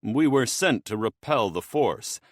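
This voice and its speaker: A man's voice: mid-range voice, expressive, a little slow, dry recording, clean studio sound. A man doing a timid, apologetic necromancer. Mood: deferential. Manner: apologetic, hesitant. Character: timid young male necromancer, unconfident.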